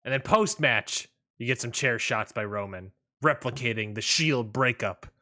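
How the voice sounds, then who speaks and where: A man's voice: mid-range voice, sharp tone. A man co-hosting a casual wrestling podcast, rambling through a match recap with many fillers and restarts. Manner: rambling, lots of fillers and restarts, quick laughs. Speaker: podcast co-host.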